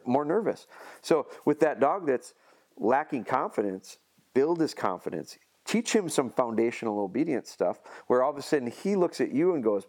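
A man's voice: mid-range voice, a little mellow. A man casually explaining dog training on a podcast, leaning on homespun analogies and restarting his sentences often.

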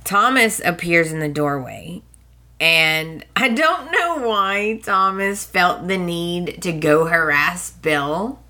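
A woman's voice: on the low side, takes it slowly, pushed and bright. A woman hosting a podcast, recapping soap opera episodes in a casual, chatty way, laughing often and briefly acting out the characters' lines.

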